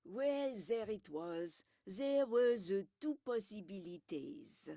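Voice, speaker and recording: A woman puts on a smug older gentleman detective, brisk and lecturing, pleased with his own cleverness. The delivery is slow and deliberate, with a lively lilt, and the sound is dry and close. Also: mid-range voice, no room sound. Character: fussy, self-assured older male detective.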